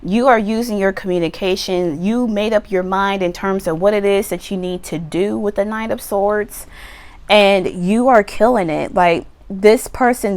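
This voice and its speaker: A woman giving a casual tarot reading to camera outdoors, chatty and animated, now and then acting out the viewer's voice. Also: medium pitch. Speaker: tarot reader. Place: outdoors on a windy day. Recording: wind noise, slightly distant mic.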